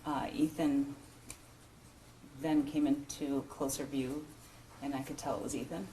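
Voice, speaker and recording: A low-pitched woman gives witness testimony in a courtroom, her account halting and full of restarts. The room is echoey, with faint background hiss. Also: fairly even intonation, dark tone. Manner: halting, emotional, many restarts and fillers. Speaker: witness, school principal. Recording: roomy courtroom broadcast audio.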